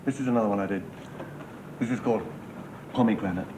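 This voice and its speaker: An earnest young amateur poet, as an actor plays him, reciting in a fairly low voice with deliberate care. A noisy film soundtrack sits behind him. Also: male voice, close to an everyday voice. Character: earnest young man reciting his own poem.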